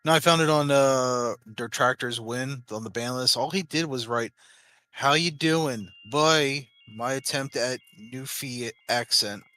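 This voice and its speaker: A man's voice: mid-range voice, a little slow, bright, forceful tone. A man co-hosting a casual chat, laid-back and mocking as he reacts. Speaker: co-host.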